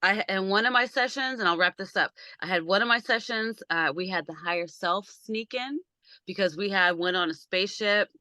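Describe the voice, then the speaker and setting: A woman with a mid-range voice hosts a casual video-call conversation from a small backyard shed, speaking at a moderate pace with no echo. As a podcast host she tells stories animatedly, acting out the quoted voices in them.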